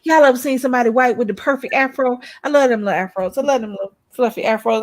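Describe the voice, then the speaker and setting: A woman's voice: on the high side, fast talker, few pauses. A woman co-hosting a casual chat show, blunt and outspoken, swearing freely and repeating her points for emphasis. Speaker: co-host of a couples' YouTube channel.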